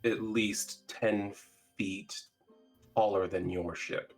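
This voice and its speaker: A man narrating a tabletop game as dungeon master, halting and searching for words with many fillers. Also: fairly low pitch, fairly even intonation, faint music behind.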